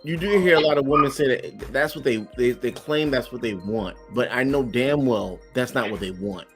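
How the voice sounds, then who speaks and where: A man's voice: mid-range voice, moderate pace, over music. Man, podcast co-host, casual chat, hesitant, restarts sentences. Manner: hesitant, many fillers and restarts.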